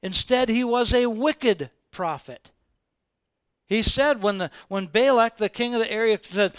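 A man preaching a sermon as informal, animated storytelling, repeating phrases for emphasis. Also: very high-pitched, a little slow, smooth, no echo. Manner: animated, repetitive, colloquial storytelling.

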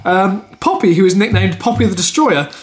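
Guy reading out news and comments on a podcast, giggly, pitch all over the place. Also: animated, moderate pace. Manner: giggly and easygoing. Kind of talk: casual comedy chat, reading out news and comments.

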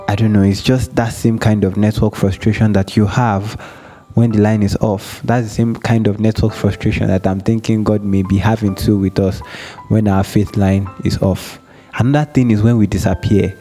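Earnest male devotional host, mellow low voice, light music bed. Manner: earnest, repeats phrases, acts out a phone call. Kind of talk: casual devotional teaching and prayer.

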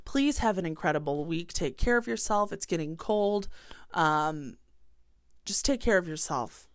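A young adult woman hosting her own podcast, talking bluntly and passionately and swearing freely, then winding down into a warm sign-off. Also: fairly low pitch, animated, unhurried, dry recording, studio quality. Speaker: podcast host. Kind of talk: solo podcast rant and sign-off.

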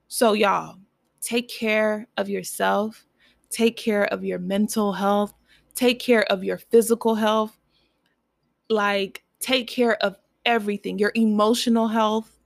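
A young woman in her twenties hosts her own podcast, speaking solo in a warm, casual, encouraging way with plenty of fillers. Her voice is medium-pitched and gravelly, recorded dry with clean studio sound.

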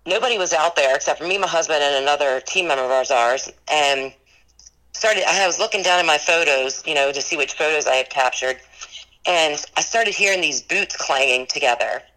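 A woman's voice: low voice, brisk, pushed and bright, poor audio. A woman who runs a ghost tour business, earnestly recounting her paranormal experiences in an interview and rambling with lots of "like" and "you know".

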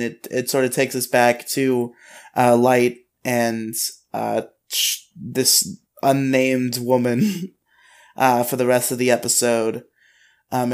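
A man co-hosting a casual podcast, recapping the plot in a relaxed way with plenty of fillers. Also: mid-range voice. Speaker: podcast co-host recapping episodes.

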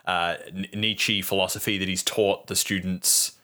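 A man chatting casually about a film, animated, swearing freely and acting out lines from scenes. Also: deep voice, unhurried.

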